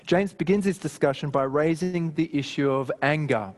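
Pastor preaching in an echoing hall. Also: male voice, a little high, normal speed, few pauses. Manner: conversational, animated, with personal anecdotes. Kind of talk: sermon. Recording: long hall reverb.

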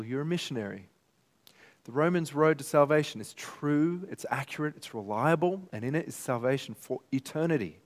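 Man, pastor, sermon, earnest, mid-pitched voice. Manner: earnest, emotional, rises to emphatic peaks. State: tearful at times.

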